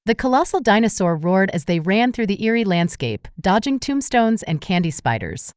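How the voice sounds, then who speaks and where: A woman's voice: medium pitch, sing-song, normal speed, darkish tone, no room sound, clean studio sound. A woman reading a silly children's storybook aloud with a playful manner. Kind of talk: storybook narration.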